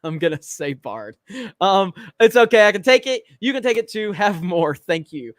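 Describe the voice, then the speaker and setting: A man's voice: high voice, very animated, moderate pace, dry recording. A man hosting a livestream, reading chat in a blunt, profane, joking way. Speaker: livestream host.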